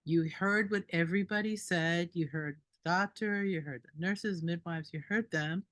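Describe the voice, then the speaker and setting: A woman doula telling a story at a group meeting, animated and indignant, laughing between lines. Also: fairly low pitch, moderate pace.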